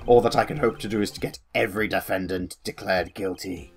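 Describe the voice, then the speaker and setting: A man's voice: low voice, fairly even intonation, a little fast, creaky, faint music behind, voice pushed down. A man reading as a cold ruthless prosecutor. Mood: menacing.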